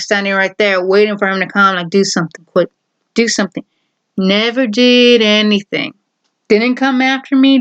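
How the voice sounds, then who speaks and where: A woman's voice: medium pitch, highs cut off. A young adult woman vlogging, telling a personal story in a casual, blunt way and acting out the other people's voices. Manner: animated, acts out quoted voices, blunt.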